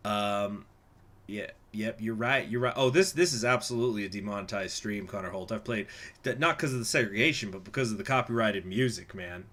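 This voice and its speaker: A man's voice: on the low side, fairly quick, fairly bright tone. A man streaming a strategy game, reading event text aloud and joking crudely with his chat between passages. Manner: casual, laughing, crude asides between read-aloud passages.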